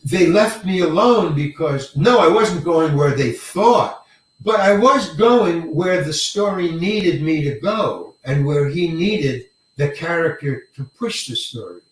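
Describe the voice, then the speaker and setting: Older actor telling stories, echoey distant mic. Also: male voice, a little high, slow pace. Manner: animated, acts out quoted lines, swears casually. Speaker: actor guest. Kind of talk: storytelling interview. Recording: echoey room, mic far off.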